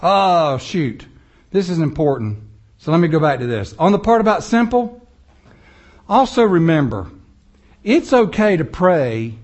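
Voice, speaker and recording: A man preaching a sermon, animated and conversational, acting out people's prayers and mocking voices as he goes. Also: on the high side, a little slow, pauses often. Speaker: pastor.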